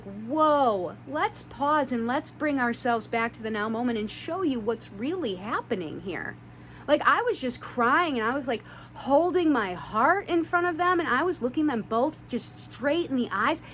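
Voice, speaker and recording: In an emotional storytime monologue, a woman vlogger earnestly describes a confrontation, using spiritual self-help language and swearing for emphasis. Her voice sits slightly high, over a faint hum.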